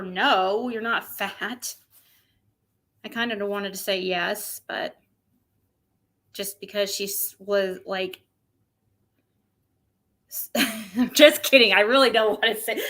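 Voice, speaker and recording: Chatty bright-voiced woman streamer. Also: mid-range voice. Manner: rambling, chatty, with many restarts. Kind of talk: casual chat.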